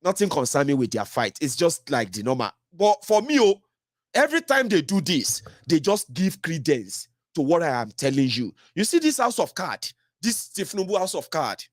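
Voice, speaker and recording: A man's voice: a little high, sing-song, normal speed, no room sound, studio quality. A man with a Nigerian accent giving heated political commentary, fiery and mocking, slipping into Pidgin.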